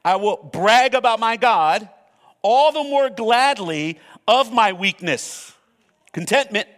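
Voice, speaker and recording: Male preacher, sermon delivery, emphatic, higher pitch, reverberant room. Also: a bit bright. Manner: earnest, emphatic preaching, reading scripture aloud.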